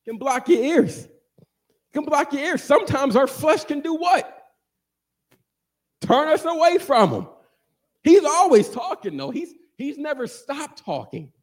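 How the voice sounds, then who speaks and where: A man preaching a sermon, animated and joking, asking the congregation questions and answering them. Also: very high-pitched, measured pace, pauses often. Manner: animated, call-and-response, jokes with congregation.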